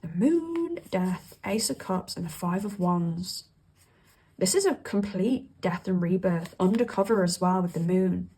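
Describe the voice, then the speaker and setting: A woman doing a casual, chatty tarot reading, emphatic and quick to laugh. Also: lowish voice, expressive, dark tone, husky. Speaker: tarot reader.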